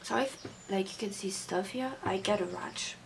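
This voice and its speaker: A woman's voice: medium pitch, normal speed, creaky, a little hiss or hum. Angry young woman ranting to camera. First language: not English. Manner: angry, swearing rant. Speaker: beauty vlogger. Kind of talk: casual unboxing vlog.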